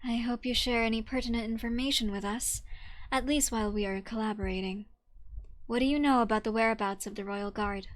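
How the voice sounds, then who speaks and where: A woman's voice: a little high, fairly even intonation, fairly quick, natural voice. A woman voicing an earnest young female leader who speaks carefully and seriously.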